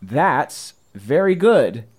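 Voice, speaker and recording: Playful game master with a lively voice. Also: male voice, a little high, extremely slow, breathy edge. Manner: playful, relaxed, laughs often. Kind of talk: narrating a tabletop game.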